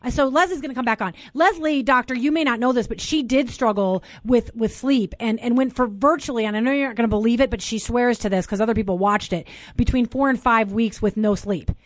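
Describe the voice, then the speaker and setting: A woman hosts a call-in radio talk show, her slightly high voice racing through plugs and thanks. The sound is close and dry, straight from a studio mic. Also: no room sound. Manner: fast, warm-hearted, talks over herself.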